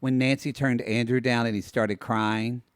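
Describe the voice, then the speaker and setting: A man's voice: medium pitch, flat delivery, normal speed, smooth, dry recording, clean studio sound. A man co-hosting a podcast, chatting casually and wryly about a reality show and holding firmly to his points. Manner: chatty, insistent, wry. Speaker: podcast co-host.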